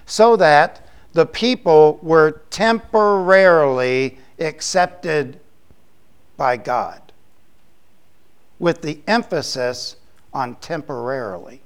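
A man preaching as a pastor, explaining scripture in a conversational way with quick asides. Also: on the high side, smooth. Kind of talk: sermon.

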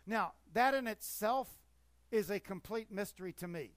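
A pastor preaching a sermon with emphatic force that rises and falls. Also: male voice, high voice, moderate pace, no echo.

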